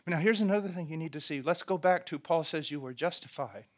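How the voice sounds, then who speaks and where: A man's voice: on the high side, quick pace. A man preaching a sermon, earnest and emphatic, repeating key phrases.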